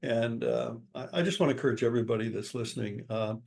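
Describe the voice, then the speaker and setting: An older man, a guest author and speaker from the United States, giving advice in a lively interview, acting out quotes with sudden jumps in his voice. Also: quick pace, vocal fry. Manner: animated, acts out quotes with sudden pitch jumps.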